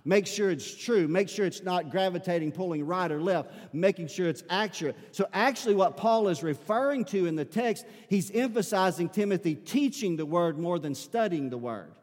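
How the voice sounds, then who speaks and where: A man's voice: sits high, lively intonation, moderate pace, hardly any pauses, a little mellow. A man preaching a sermon in a church, earnest and often repeating words as he presses a point. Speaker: pastor. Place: church sanctuary. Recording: long hall reverb.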